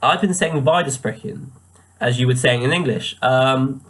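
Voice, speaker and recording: A young man talks through a self-review of his pronunciation, stopping often with ums and uhs. His voice sits at an ordinary middle pitch. It has the plain sound of a built-in webcam mic indoors. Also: moderate pace, a bit bright. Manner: hesitant, many ums and uhs. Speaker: language student.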